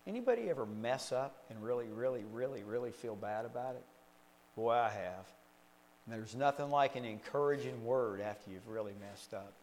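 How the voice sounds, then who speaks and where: Older male pastor, sermon delivery, animated storyteller who tosses out rhetorical questions and leaps up in pitch for quotes. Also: moderate pace, slight background noise. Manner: acts out quotes with big pitch jumps.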